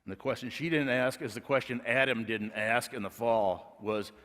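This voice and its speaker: Man, pastor, sermon, storytelling, emphatic, average pitch, echoing church sanctuary. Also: steady tone, normal speed, hardly any pauses. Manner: storytelling, building to loud emphatic preaching. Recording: long reverb of a large hall.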